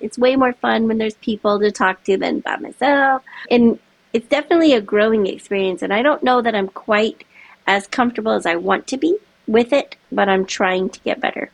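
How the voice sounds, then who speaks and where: A middle-aged woman chatting as an interview guest, animated and laughing often. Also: fairly high pitch, moderate pace, gravelly, dry recording. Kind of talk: casual chat.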